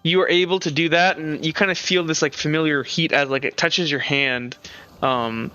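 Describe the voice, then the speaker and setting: A man's voice: a little high, steady tone, moderate pace, bright, forceful tone, clear, resonant tone, muffled recording. A man narrating as game master on a live stream, rambling and often correcting himself mid-sentence.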